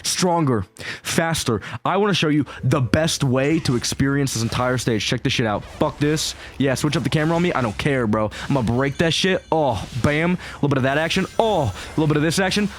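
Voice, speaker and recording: Fast-rambling, profane man commenting on his game, a little high-pitched, faint hiss behind. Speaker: gaming YouTuber. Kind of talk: casual gameplay commentary.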